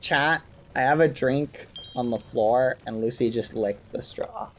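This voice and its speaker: A man's voice: mid-range voice, a little slow. A man streaming while he plays a game, chatting casually to his viewers and swapping swearing for mild exclamations. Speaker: livestreamer. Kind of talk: casual live-stream chat while gaming. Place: home gaming setup. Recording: keyboard clicks and typing behind.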